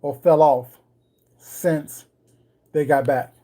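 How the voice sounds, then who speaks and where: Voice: mid-range voice, steady tone, slow pace, mellow. Chatty livestream host baking at home. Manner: chatty, greets viewers by name, wry and ironic. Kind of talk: casual livestream chat with viewers. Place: home kitchen while baking.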